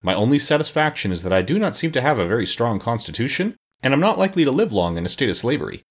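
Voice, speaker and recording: A man voicing a huge winged storybook creature, the Gump, with a squeaky voice and a formal, melancholy way of speaking. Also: big pitch swings, fast, slightly rough. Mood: gloomy.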